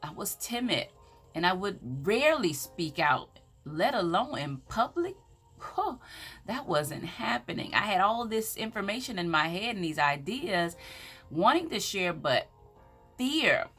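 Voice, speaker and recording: Southern woman giving a bright inspirational talk. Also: mid-range voice, very animated, measured pace, breathy edge, faint music behind. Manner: preacherly, scripture-quoting, emphatic. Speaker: women's empowerment speaker.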